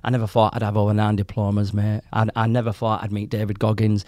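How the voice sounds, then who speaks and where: A man in his forties, a podcast guest telling his story in casual, animated chat, quoting people and swearing as he goes. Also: lowish voice, fast, dry recording, studio quality. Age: 40s.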